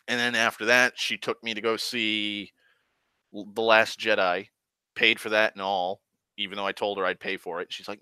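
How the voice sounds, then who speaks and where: A man's voice: on the low side, flat delivery, normal speed, sharp tone, clear, resonant tone, no room sound. A young man telling a long personal story in casual talk, swearing often and backtracking to correct himself. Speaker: host.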